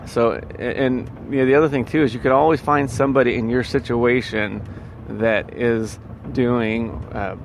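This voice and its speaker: A man's voice: medium pitch, fairly even intonation, normal speed, a little hiss or hum. Rambling man musing about happiness. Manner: rambling, lots of fillers and restarts. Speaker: vlogger giving life advice. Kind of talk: casual motivational monologue.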